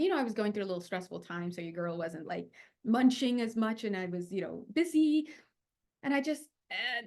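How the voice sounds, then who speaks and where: A young woman leading a spiritual healing talk, chatty and animated, with many fillers and restarts. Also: a little high. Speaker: spiritual teacher.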